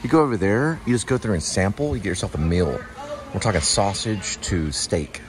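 A man's voice: lowish voice, a little fast, background noise. A man hosting a vlog, chatting casually and rambling with joking asides while he samples food in a large store. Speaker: vlog host.

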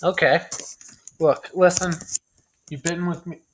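A young man vlogging in a goofy comic way, often yelling and joking loudly. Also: fairly high pitch, fairly even intonation, takes it slowly, a little hiss or hum. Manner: loud, yelling, jokey, swearing. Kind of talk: goofy comedy vlog.

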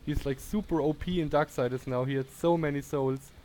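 A chatty man streams a game and greets his viewers. His voice sits somewhat high, and he laughs often. Faint noise runs under him. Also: steady tone, fairly quick, darkish tone. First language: German. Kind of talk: casual gameplay commentary.

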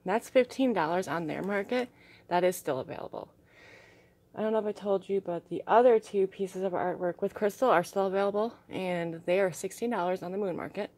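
A young woman vlogging casually as she shows her crystals and artwork, gushing and soft-spoken and often dropping to a hushed tone. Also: mid-range voice, a little fast. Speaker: vlogger showing crystals and art. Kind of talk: casual show-and-tell vlog.

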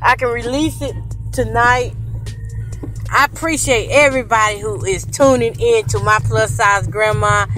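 A woman's voice: on the high side, fairly even intonation, unhurried, fairly bright tone, faint music behind. An older woman from North Carolina with a country Southern accent, chatting casually and unscripted to her vlog followers from her car. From North Carolina, USA. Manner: chatty, folksy, country talk with y'all. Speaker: vlogger, grandmother. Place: in her car during a rainy storm.

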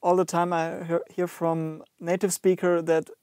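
A man's voice: on the high side, monotone, unhurried, darkish tone, no echo, clean studio sound. A man with a German accent co-hosting a casual chat, hesitant with many fillers. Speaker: co-host.

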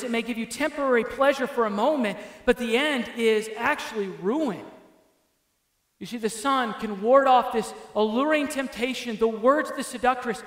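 High-voiced preaching man in echoey hall. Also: fairly bright tone. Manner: emphatic preaching, rising and dropping for emphasis. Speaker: pastor. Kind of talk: sermon. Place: church sanctuary. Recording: echoey church hall with long reverb.

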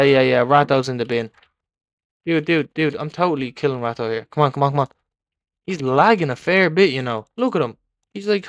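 Excitable young guy doing game commentary, kinda high voice, dry close mic, keeps going "dude dude dude". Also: no room sound. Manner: excitable, repeats words in bursts, talks to rivals. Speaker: gaming video creator. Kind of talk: live gameplay commentary.

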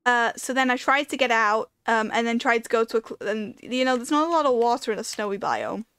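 A woman's voice: on the high side, lively intonation, brisk, a bit bright, clear, resonant tone, dry recording. A woman giving casual commentary while playing a video game, talking to herself and breaking into panicked repeated pleas. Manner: chatty, rambling storytelling with fillers. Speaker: gaming video creator.

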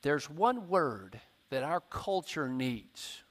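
A man's voice: on the high side, sing-song, slow pace. A man preaching a sermon in church, telling a story and acting out his own inner voice.

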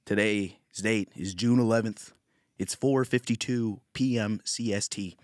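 A man's voice: on the low side, fairly even intonation, measured pace, no room sound, clean studio sound. A man from Virginia hosting a comedy podcast in a crude, rambling, boastful monologue. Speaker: podcast host.

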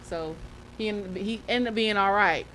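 A woman co-hosting a casual talk show in a relaxed, easygoing way, laughing as she talks. Her pitch is average for a woman. Faint background noise sits under her voice. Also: normal speed. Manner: relaxed, laughs while telling stories. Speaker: podcast co-host; mother of a football player. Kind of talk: casual chat.

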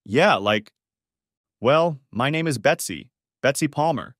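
A man's voice: medium pitch, lively intonation, slow, a bit bright, no echo, clean studio sound, voice pushed up. A man voicing a chatty young woman who is eager to be remembered, in a story audiobook.

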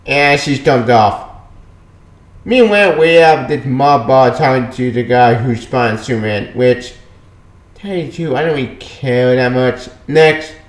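A man casually reviewing a comic book, dismissive and quick to brush off plot points he doesn't care about. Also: mid-range voice, reverberant.

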